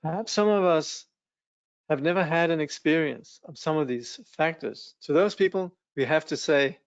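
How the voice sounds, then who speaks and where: A male Buddhist studies teacher reading a text aloud and commenting on it in a relaxed, hesitant way. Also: on the high side, moderate pace, smooth, no room sound, highs cut off. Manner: relaxed, hesitant, with restarts and small laughs.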